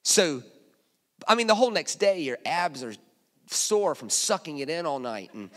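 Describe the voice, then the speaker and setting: A man preaching a sermon in a church, telling humorous stories and dropping suddenly to hushed asides. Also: fairly high pitch, very animated, moderate pace. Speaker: guest preacher. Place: church auditorium.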